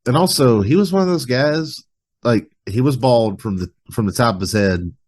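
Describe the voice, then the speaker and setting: A man hosting a podcast in casual chat, relaxed and rambling, filling his talk with "like", over a video call webcam. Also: medium pitch, moderate pace.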